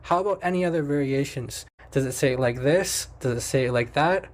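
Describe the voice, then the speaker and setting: A man's voice: medium pitch, fairly quick. A man giving scripted narration, methodically walking viewers through text shown on screen and finishing with pointed rhetorical questions. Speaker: presenter explaining on-screen text.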